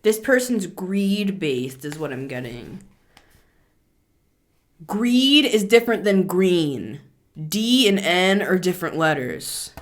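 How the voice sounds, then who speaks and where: A woman giving a casual, chatty tarot reading to camera, animated and quick to laugh. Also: on the low side. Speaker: tarot reader.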